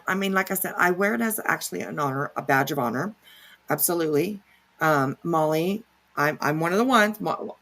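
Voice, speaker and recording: A woman with a low, fairly bright voice and vocal fry hosts a casual reaction livestream. Her commentary is rambling and sarcastic, full of fillers and swearing.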